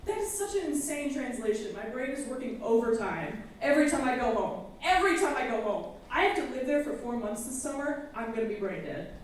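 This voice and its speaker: A young woman from Texas with a fairly high voice does candid stand-up full of fillers. She is picked up from a distance in a very echoey theater, with a faint hiss underneath. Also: expressive, brisk, few pauses. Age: young adult. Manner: candid, self-deprecating, frequent fillers. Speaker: student stand-up comedian. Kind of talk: stand-up comedy set. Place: campus theater stage with live audience.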